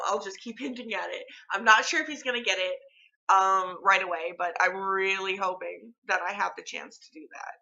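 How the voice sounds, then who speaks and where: A woman's voice: medium pitch, gravelly, bright, forceful tone, highs cut off. A young woman vlogging at home, chatting casually and rambling with lots of filler words. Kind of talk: casual chat to camera. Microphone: phone camera.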